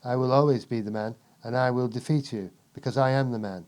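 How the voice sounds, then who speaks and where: A man imitating a self-assured male boxer who speaks in pompous, measured declarations. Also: medium pitch, steady tone, darkish tone, close to an everyday voice. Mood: boastful.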